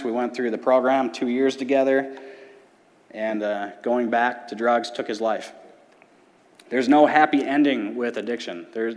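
A man in his thirties giving an earnest personal testimony in church, telling his story with quoted voices. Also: medium pitch. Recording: hall reverb.

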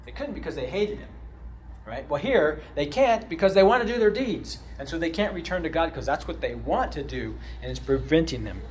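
Male Bible teacher, slightly high voice, animated, loud-then-quiet delivery, keeps asking "right?"; faint background noise. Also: brisk. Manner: animated, often checks in with "right?"; swings between loud emphasis and quiet asides.

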